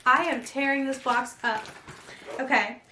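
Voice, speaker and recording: A woman vlogger chatting excitedly while unboxing, gushing and full of fillers. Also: high voice, unhurried, reverberant, background noise. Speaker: vlogger unboxing an advent calendar. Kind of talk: casual unboxing chat.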